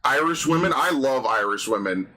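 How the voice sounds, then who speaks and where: A man's voice: medium pitch, animated, normal speed, pushed and bright, rough recording. A young man hosting a game stream, chatting casually with crude, profanity-laced rants and banter. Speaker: streamer host.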